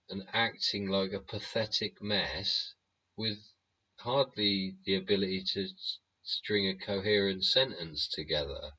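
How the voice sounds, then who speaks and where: A man's voice: deep voice, measured pace, sharp tone, breathy edge, lo-fi sound. A man hosting a live stream, ranting bluntly and rambling with plenty of swearing. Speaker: livestream host.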